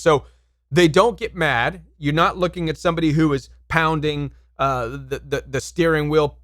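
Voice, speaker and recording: A man's voice: on the high side, no echo, clean studio sound. A man coaching viewers on relationships, talking straight to camera in an emphatic, repetitive way and asking them questions. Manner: emphatic, repeats words, asks viewers questions. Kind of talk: direct-to-camera advice talk.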